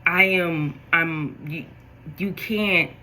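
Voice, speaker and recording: A woman gives a spiritual tarot reading, speaking directly to her viewers. Her voice is bright and forceful, and her delivery is animated. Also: on the low side, very slow, rough recording. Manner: animated, talks straight to viewers. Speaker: tarot reader.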